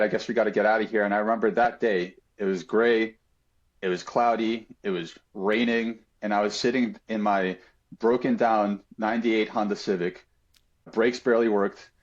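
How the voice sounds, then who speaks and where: A man's voice: lowish voice, highs cut off. A man telling a personal story on a podcast in an earnest, reflective way, with frequent fillers and restarts.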